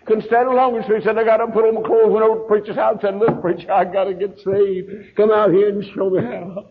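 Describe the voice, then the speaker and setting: A pastor with a Southern US accent, telling a story in a sermon and acting out the voices of the people in it, heard on a dull lo-fi recording. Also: male voice, high voice, little pitch movement, fast talker, breathy edge. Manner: folksy preacher, acts out quoted voices.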